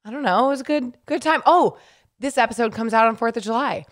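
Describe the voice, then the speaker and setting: A woman's voice: a little high, fast. A young woman co-hosting a podcast, chatting casually, laughing often and filling her talk with likes. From California. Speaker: podcast co-host. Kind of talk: casual chat.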